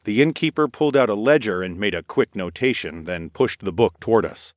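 A man reading an audiobook in first person with a steady, expressive delivery. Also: lowish voice, a little fast, no echo, studio quality. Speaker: audiobook narrator. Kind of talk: scripted narration.

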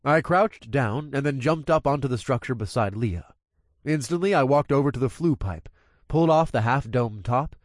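A man narrates a first-person story, his voice rising and falling with lively expression. His language is crude and coarse. The recording is close and dry. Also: mid-range voice, no echo.

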